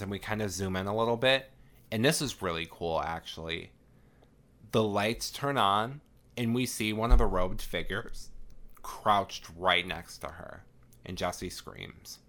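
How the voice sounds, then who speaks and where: A man on a podcast walks through a film's plot in a loose, chatty way, swearing freely and leaning on "like" and "um". His voice sits a little low but sounds bright and forceful, and he takes his time with each line. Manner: chatty, profane, full of "like" and "um". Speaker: podcast host. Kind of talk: casual film recap.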